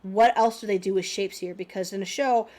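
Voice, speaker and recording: A young woman with a slightly congested, sniffly voice walks through student drawings in an unscripted art lesson. She talks at a middle pitch, chatty and encouraging, full of ums and restarts. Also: steady tone, fairly quick, a little mellow. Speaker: art teacher.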